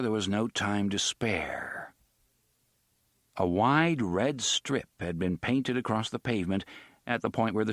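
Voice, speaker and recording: A man narrating a story in an expressive audiobook style. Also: on the low side, no room sound, clean studio sound. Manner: expressive, varied delivery.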